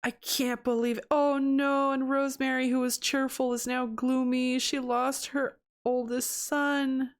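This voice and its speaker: A woman with a slightly high voice talks through her gameplay in a relaxed, chatty way. She narrates as she goes and reacts out loud with surprise and sympathy. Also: a little slow, hardly any pauses. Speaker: gameplay commentator. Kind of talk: casual gameplay commentary.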